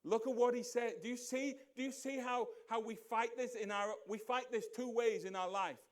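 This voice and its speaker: High-voiced preacher asking rhetorical questions. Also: male voice, fairly even intonation, moderate pace. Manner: conversational, rhetorical questions to the congregation; acts out quoted voices in a low mutter. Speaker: pastor. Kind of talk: sermon. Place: church sanctuary.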